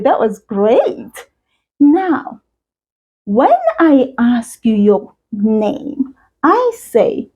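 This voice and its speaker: A woman with a South African accent leads a beginner lesson for children, talking slowly and patiently. Her voice is mellow and fairly high. The recording sounds a little dull and muffled. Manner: slow, patient, encouraging teacher talk. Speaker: language teacher.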